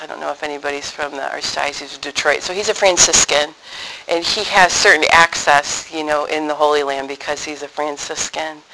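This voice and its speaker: A woman giving a faith testimony to an audience in an animated storytelling manner, acting out the voices of family members she quotes. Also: low-pitched, a little hiss or hum, rough recording. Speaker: speaker sharing a faith testimony. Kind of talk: personal storytelling talk to an audience.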